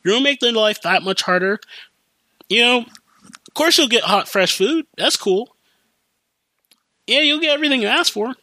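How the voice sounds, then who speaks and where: A man's voice: very high-pitched, lively intonation, normal speed, long pauses, bright, forceful tone, dry recording. A young man hosting his own podcast, ranting profanely in a casual solo monologue and mimicking other people's voices. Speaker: podcast host.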